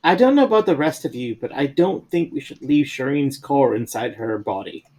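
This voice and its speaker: A man's voice: medium pitch, animated, normal speed, dark tone. Man, tabletop player, hesitant, stop-start delivery. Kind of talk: casual tabletop role-play.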